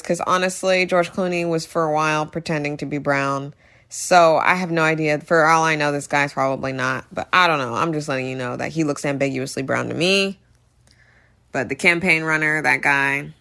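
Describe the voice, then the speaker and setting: A woman's voice: low voice, sharp tone. A woman casually recapping a TV episode, opinionated and emphatic, repeating words to drive a point home. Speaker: TV recap YouTuber.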